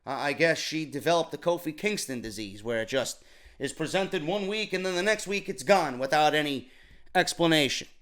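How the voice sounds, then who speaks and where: A man's voice: fairly high pitch, expressive, normal speed, a bit bright. A man reviewing a wrestling show in a blunt, profane, exasperated rant, often stumbling over repeated words. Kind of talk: ranting solo show review.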